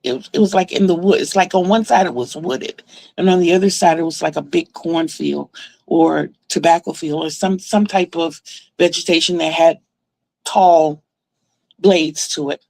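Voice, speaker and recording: A woman's voice: on the low side, normal speed, vocal fry, a little mellow, dry recording. A woman vlogger telling a story in a casual, chatty way, with lots of fillers and laughs between her sentences. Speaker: crafting vlogger. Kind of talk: casual storytelling about a dream.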